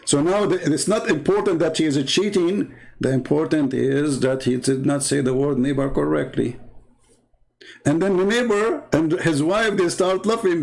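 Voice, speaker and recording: Gravelly man with an Arabic accent. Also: fairly high pitch, normal speed, darkish tone. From Middle East. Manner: mocking, sarcastic ranting. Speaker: live stream host. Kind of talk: casual livestream monologue.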